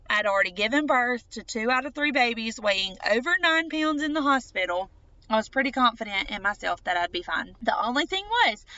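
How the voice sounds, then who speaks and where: A woman tells her own story on a podcast. Her voice is bright and a touch high, and she chats along in an easy monologue, full of "like". The audio is slightly muffled and lo-fi. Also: dry recording. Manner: chatty, peppered with "like". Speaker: podcast host.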